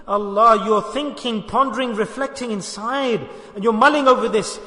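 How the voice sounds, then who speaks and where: Man giving a sermon, really high voice, sharp bright tone, keeps asking the room if they get it, arabic phrases thrown in. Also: normal speed, few pauses. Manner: earnest, repeats phrases, asks the audience questions; sprinkles Arabic devotional phrases into English. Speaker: Sufi sheikh teaching a dhikr gathering. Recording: echoey hall with long reverb.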